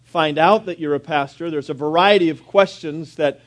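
Man, high-pitched voice, pastor, folksy sermon, asides to the congregation, church. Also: moderate pace. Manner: conversational, folksy preaching with frequent fillers and asides. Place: church sanctuary.

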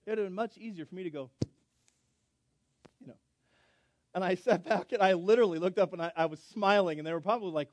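A middle-aged pastor tells a story from the pulpit, animated and self-deprecating, acting out every line of dialogue. His voice sits a little high for a man. The sound is close and dry. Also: fast, long pauses, dry recording. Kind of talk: sermon storytelling.

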